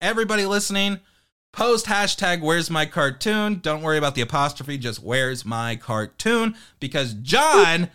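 A man's voice: on the high side, expressive, moderate pace, bright, forceful tone, smooth. A young adult man hosting a podcast in casual chat, joking, swearing and laughing often. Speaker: podcast host.

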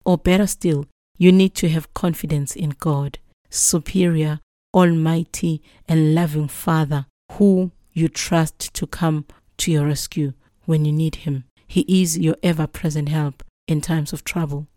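A woman's voice: deep voice, steady tone, measured pace, dark tone, no echo, studio quality. A woman reading a Bible passage and preaching on it in an earnest, exhorting manner. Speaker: Bible teacher.

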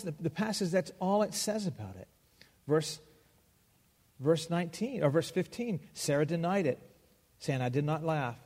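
A man's voice: a little high, darkish tone. Preaching man in a reverberant hall. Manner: preaching with acted-out Bible dialogue, pauses for emphasis. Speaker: pastor. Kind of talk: sermon.

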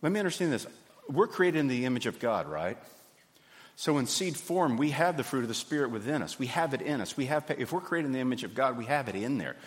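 A man, preaching a sermon in a folksy, animated way. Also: mid-range voice, fast. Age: 50s. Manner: folksy, animated, acts out little scenes. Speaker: pastor. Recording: hall reverb.

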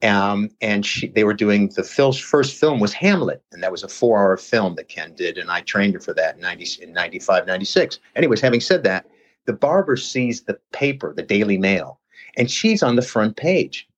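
Rambling man, husky low voice. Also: animated, moderate pace. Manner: rambling, lots of "you know" fillers. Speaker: podcast guest, personal trainer. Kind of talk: casual storytelling chat. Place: lives near Reading, England. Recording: dull lo-fi sound.

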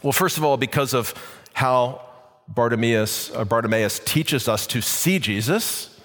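A man's voice: medium pitch, a little slow, fairly bright tone, in a large hall. A man preaching a sermon in a conversational way, with many fillers and restarts. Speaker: pastor.

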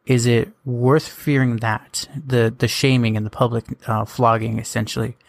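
Podcast host dude, laid back and a bit self-deprecating, dry close mic. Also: male voice, mid-range voice, little pitch movement, normal speed, gravelly, dry recording. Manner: casual, self-deprecating questions. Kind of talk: casual podcast interview.

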